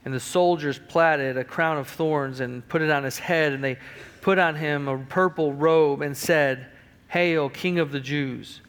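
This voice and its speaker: A man's voice: a little slow, a bit bright, clean tone. A man preaching a sermon as pastor, reading old-style scripture and building to emphatic, rising passages. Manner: emphatic preaching that rises in pitch and volume, with restarts; reads scripture aloud in King James wording.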